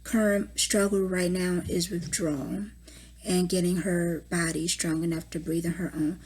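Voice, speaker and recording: A young woman, a mother recording a personal video diary at home, exhausted and distraught, speaking haltingly and often dropping to a whisper. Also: on the low side, little pitch movement, a little mellow, slightly rough. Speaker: mother giving a family update.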